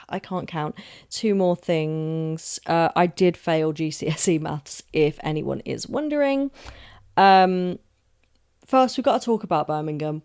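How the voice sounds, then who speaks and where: A woman's voice: low-pitched, animated, a little slow, a little mellow, smooth. A young woman from London, hosting a solo podcast in a chatty, rambling, emphatic way, swearing often and making asides about herself. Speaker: podcast host. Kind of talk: casual solo podcast rant.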